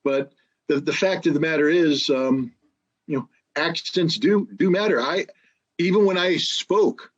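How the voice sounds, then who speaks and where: A man's voice: on the high side, unhurried, husky, lo-fi sound. A man telling stories in casual conversation, emphatic, with frequent restarts. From United States. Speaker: guest, former weapons inspector.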